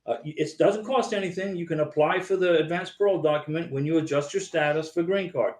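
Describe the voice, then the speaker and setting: A man's voice: a little high, fast talker, a little mellow, roomy sound. A man hosting a live stream, chatting casually, reading out viewer comments and answering them by name. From United States. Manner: rambling, chatty, repeats himself, talks to viewers by name. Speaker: host of a live visa advice stream.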